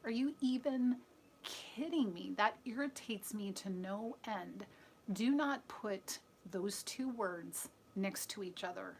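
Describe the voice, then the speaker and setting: Woman, live-stream host, slow and unhurried, earnest, chatty, near-whispers at times, faint background hum. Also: mid-range voice, darkish tone. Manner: earnest, chatty, answers the chat aloud, often drops to a near-whisper. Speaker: live-stream host reading viewer comments. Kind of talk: casual opinionated monologue.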